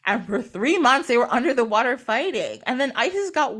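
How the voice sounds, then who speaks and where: A woman casually retelling a myth, animated and laughing often as she acts out the quotes. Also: on the high side, brisk. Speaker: podcast guest or host.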